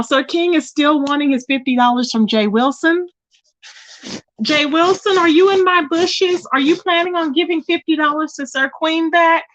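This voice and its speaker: A chatty woman hosting a live stream, her voice sitting fairly high as she talks straight to her viewers. The sound is dry and a little dull. She keeps it loose and animated, calling the viewers "y'all" and "child.". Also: dry recording. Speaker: YouTube live host. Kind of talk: casual live-stream chat reading comments.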